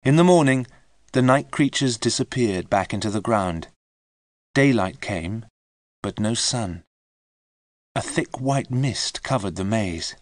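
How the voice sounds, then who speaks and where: Audiobook narrator, male, low register, measured learner-friendly reading, dry booth. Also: animated, dry recording. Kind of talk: scripted storybook narration.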